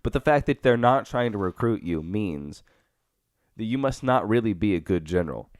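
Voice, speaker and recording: A young man with a very deep voice, chatting on a podcast. The sound is dry and close to the mic. He is relaxed and amused and laughs as he talks. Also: normal speed, no echo. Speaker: podcast co-host. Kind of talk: casual discussion of a philosophy text.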